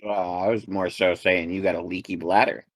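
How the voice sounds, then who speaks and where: A man's voice: low voice, level tone, normal speed, no room sound. A man voicing a teasing male gnome adventurer in a tabletop game, with a dry, mocking delivery.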